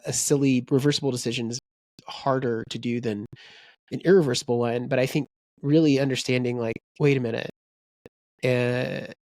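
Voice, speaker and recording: Chatty podcast co-host, dry close sound. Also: male voice, mid-range voice, a little mellow, dry recording. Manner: chatty, full of fillers like "you know" and "right". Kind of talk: casual chat.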